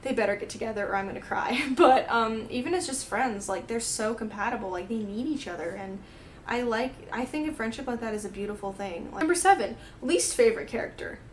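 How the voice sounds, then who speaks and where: A woman's voice: on the high side, fairly quick, a little hiss or hum. A young woman answering a book questionnaire in a casual vlog, rambling with lots of fillers and giggles. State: tearful, crying. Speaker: book vlogger.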